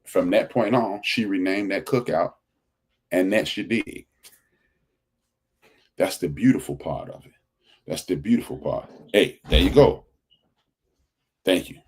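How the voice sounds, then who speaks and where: A man's voice: sits low, a little slow, long pauses, slightly rough. A man hosting a podcast, talking in an emphatic, preachy way and repeating phrases for stress. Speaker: podcast host. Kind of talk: casual commentary monologue.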